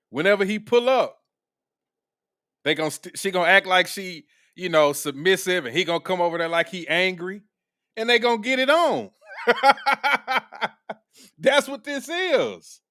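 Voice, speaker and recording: A man's voice: sits high, bright, forceful tone, no room sound, studio quality. A man hosting a casual reaction commentary, blunt and profane, laughing often. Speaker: commentary host.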